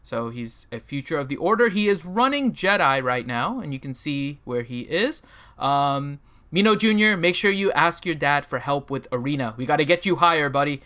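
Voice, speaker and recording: A man hosts a laid-back gaming livestream, with a rather high, bright and forceful voice. He jokes around and rambles, filling gaps with ums and uhs as he talks over a voice call. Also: animated, moderate pace. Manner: joking, rambling, with many fillers. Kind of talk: casual livestream chat and game roster review.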